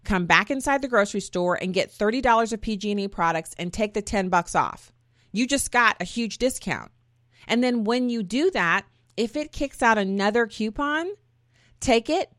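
A woman's voice: on the high side, expressive, moderate pace, a bit bright, no room sound, studio quality. A woman hosting her own talk show, chatty and folksy, often wandering off on tangents. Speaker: podcast host. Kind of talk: casual opinion talk.

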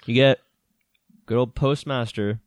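A man co-hosting a podcast, recapping a film in animated casual chat, swearing and laughing often. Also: medium pitch, measured pace, dry recording, clean studio sound. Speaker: podcast co-host.

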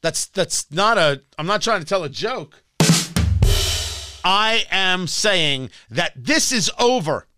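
A man's voice: sits high, animated, takes it slowly, bright, forceful tone, faint music behind. A man hosting a political talk radio show, ranting in a combative, sarcastic way. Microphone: studio microphone.

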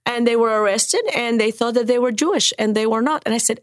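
A Cuban woman in her sixties, a storyteller and author whose first language is Spanish, tells a personal story on a podcast, taking on the voices of people she quotes. Her voice is on the high side and quick, with clean studio sound and no room echo.

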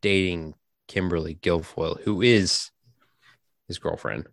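Low, slow-talking incredulous man. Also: fairly even intonation, vocal fry, fairly bright tone. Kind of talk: casual comedic chat.

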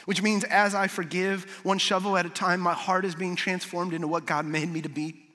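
A man preaching a sermon as a pastor, storytelling with animated swings and soft, low moments for emphasis. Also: brisk. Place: large hall with audience. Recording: long reverb of a large hall.

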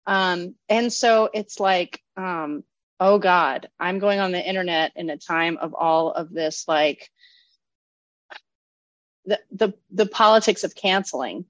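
A woman's voice: fairly low pitch, slow, dry recording. Chatty middle-aged woman on a dull line. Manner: chatty animated storyteller, many fillers and asides. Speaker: guest artist and oracle deck creator. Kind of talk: casual conversational interview.

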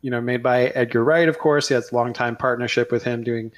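A man on a casual podcast, eagerly laying out movie trivia and fun facts to his co-hosts. His voice sits at an average pitch. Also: fairly even intonation, brisk. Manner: enthusiastic trivia sharer. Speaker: podcast co-host. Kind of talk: casual movie review chat.

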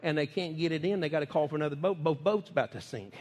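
A man's voice: a little high, quick pace, darkish tone, big-room sound. A man, preaching in a folksy, emphatic way and laughing often. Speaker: ministry speaker. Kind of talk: preaching talk.

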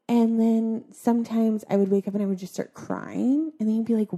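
A young adult woman talking in a halting, soft-spoken way, her sentences full of filler words, in a confessional conversation. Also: medium pitch, steady tone.

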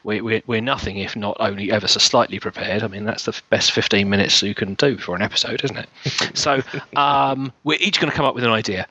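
A man's voice: fairly low pitch, a little fast, pushed and bright. Jokey, teasing man hosting a podcast. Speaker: podcast host. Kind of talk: casual chat. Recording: dull dry recording.

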